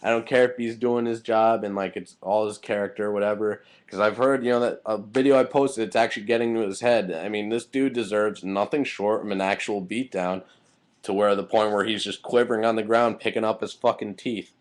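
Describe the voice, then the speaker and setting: A man's voice: lowish voice, fairly even intonation, fairly quick. A young man giving a casual, heated recap of a wrestling show, angry and swearing freely.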